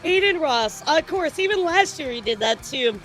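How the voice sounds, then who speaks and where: A woman with a bright, high voice hosts a casual livestream news segment. She talks loosely to her chat, teasing and laughing often. Soft music plays faintly underneath. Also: lively intonation, normal speed. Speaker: streamer and news host.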